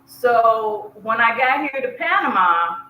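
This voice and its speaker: Southern lady guest on a podcast, talks real slow and easygoing, echoey room. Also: fairly high pitch, big pitch swings, muffled recording. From South Georgia, US. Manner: unhurried, chatty, laughs at herself. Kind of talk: casual interview chat. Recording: echoey room with faint hiss.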